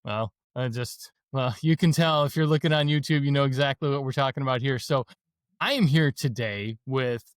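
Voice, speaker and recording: A man's voice: medium pitch, normal speed, clean tone, no room sound, studio quality. A man hosting a podcast, talking to his guest in a chatty, enthusiastic way and addressing listeners as folks. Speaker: podcast host. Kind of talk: casual interview chat.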